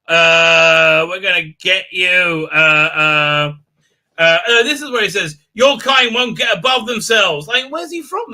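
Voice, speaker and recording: A man's voice: high-pitched, sharp tone. A man hosting a live stream, recapping an episode in a rambling, sarcastic way with many fillers. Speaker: show host.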